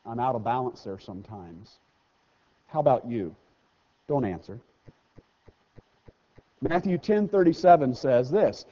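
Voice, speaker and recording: Lively man preaching in a reverberant church. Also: mid-range voice. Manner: conversational preaching, slows down and rises for scripture readings; self-deprecating asides. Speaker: pastor. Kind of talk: sermon. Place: church sanctuary. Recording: dull sound with long hall reverb.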